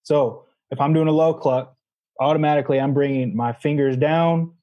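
A man who is a guest on a casual podcast, explaining his technique in a measured way. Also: a little high, fairly even intonation, lo-fi sound. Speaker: guest, goose calling champion.

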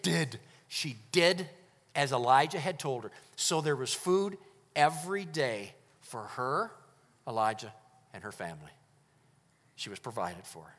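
A man preaching a sermon as pastor, emphatic, moving between loud declarations and hushed, earnest lines. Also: mid-range voice, sing-song, a little slow. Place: church hall. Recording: long reverb of a church hall.

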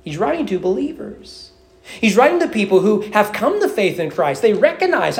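A man's voice: high voice, big pitch swings, moderate pace. Man preaching a conversational sermon. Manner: conversational preaching with quoted inner voices and repetitions. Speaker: pastor. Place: church sanctuary.

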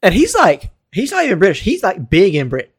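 A man's voice: high voice, wildly swooping pitch, brisk, husky. Chatty young man, laughing podcast co-host. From Baltimore. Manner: laughs often, rambling with fillers. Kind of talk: casual podcast chat.

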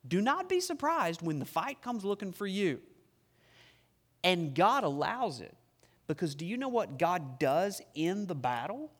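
A male pastor preaching a sermon in a church, emphatic and joking, stretching key words slowly for effect. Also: high voice, a bit bright. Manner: humorous, emphatic preaching with dramatic slowdowns. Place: church sanctuary. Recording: long reverb of a church hall.

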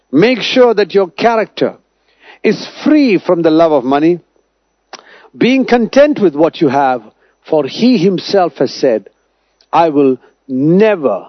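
Fervent preacher man, dry muffled sound. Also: dry recording. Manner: declaring, swings between loud emphasis and low hushed lines. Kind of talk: sermon.

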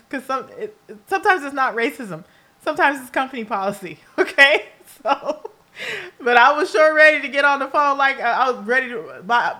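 In a casual solo monologue on her own podcast, a woman with a high-leaning voice tells animated stories packed with asides. She's candid and profane and laughs often.

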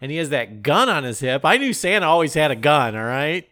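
An excitable man recaps a movie for laughs, crude and quick to crack up. His voice sits a little high, rings bright and jumps around a lot in pitch. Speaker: podcast co-host. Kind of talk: comedic movie-recap chat.

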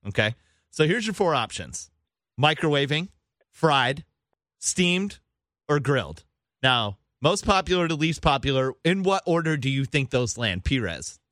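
A man's voice: on the high side, very animated, measured pace, fairly bright tone, no room sound, studio quality. A man hosting a podcast, quizzing his co-hosts in a playful way and laughing often. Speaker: podcast host. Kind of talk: casual chat.

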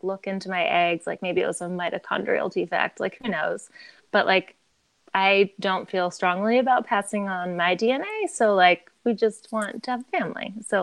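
A woman's voice: mid-range voice, fairly bright tone, clean tone, no echo. A woman in her thirties, a podcast guest telling her story in a candid, chatty way, filling her talk with "like" and laughing often.

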